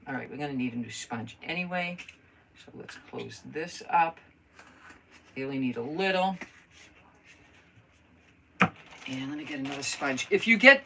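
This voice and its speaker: Chatty low-voiced woman crafting live. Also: vocal fry, a bit bright, far from the mic, a little hiss or hum, low-quality recording. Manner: chatty, thinks aloud while working and greets viewers. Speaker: crafter hosting a live stream. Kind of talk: casual live crafting chat.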